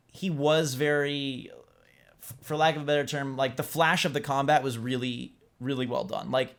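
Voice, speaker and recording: A young man with a slightly high voice leads a casual movie review chat. He teases and quizzes his co-host in an easygoing, joking way.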